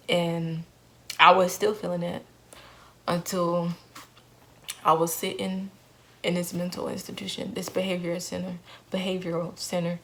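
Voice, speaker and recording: A woman's voice: lowish voice, creaky, fairly bright tone, a little hiss or hum. A young woman vlogger telling a painful personal story in an earnest way, repeating phrases for emphasis.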